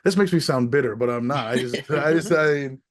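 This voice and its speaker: A man with an American accent, a wrestler and podcast guest, talking casually in a profane, ranting way that swings between loud outbursts and quiet asides. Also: mid-range voice, a little fast. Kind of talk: casual interview chat.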